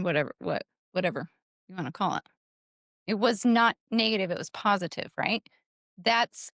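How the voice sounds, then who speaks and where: A woman's voice: medium pitch, a bit bright, dry recording, clean studio sound. A woman co-hosting a parenting talk, explaining points earnestly and repeating what matters. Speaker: parenting podcast co-host. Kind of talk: casual teaching talk.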